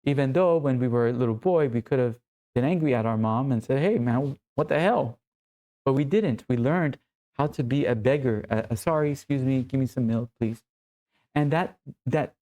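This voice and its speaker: A man's voice: on the high side, mellow. A man coaching other men, talking earnestly and with emphasis in short phrases. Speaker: men's coach. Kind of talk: motivational teaching talk.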